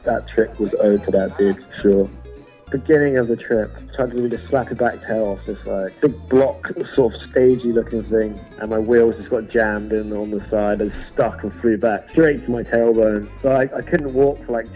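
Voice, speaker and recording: A man's voice: lowish voice, steady tone, moderate pace. A British man, a pro skateboarder, casually recalling sessions in a rambling, chatty way and laughing at his own stories. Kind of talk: casual recollection. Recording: dull sound with music behind.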